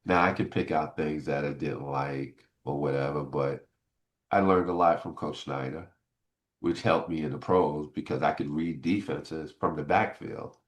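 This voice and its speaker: A man's voice: extremely low pitch, moderate pace. A man in his sixties, a former pro football player, telling stories in an interview and acting out old conversations. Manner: animated, acts out old conversations. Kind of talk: casual interview storytelling.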